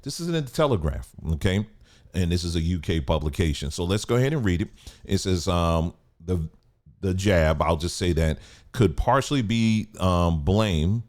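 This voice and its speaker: Deep-voiced man in halting commentary. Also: lively intonation. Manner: halting, cautious, with many fillers and restarts. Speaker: channel host. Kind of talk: casual commentary to camera.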